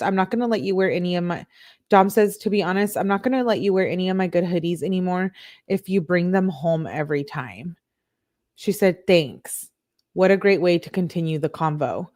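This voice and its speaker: With a fairly low voice, this true crime host goes through text messages live on stream. The quoted messages come out flat, and she keeps interrupting herself to respond to her chat.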